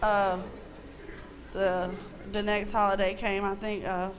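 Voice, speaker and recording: A woman's voice: medium pitch, level tone, takes it slowly, low-quality recording. A woman testifies before her congregation in a mid-range, ordinary voice. She talks frankly and conversationally, laughing easily and letting a mild curse slip now and then, with a faint hiss of background noise. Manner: candid and chatty, laughing often, mild cursing. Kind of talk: spontaneous church testimony. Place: church service.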